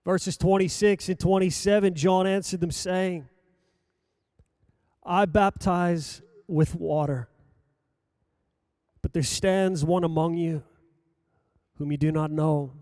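A man preaching a sermon, reading scripture aloud in a slow, measured delivery that rises for emphasis and drops low at the ends of phrases. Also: fairly even intonation, darkish tone, clean tone, no echo, clean studio sound.

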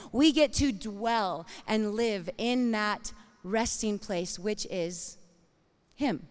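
A woman preaching a sermon in an expressive, dramatic way, acting out inner voices and reading scripture. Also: mid-range voice, slow pace, smooth, big-room sound.

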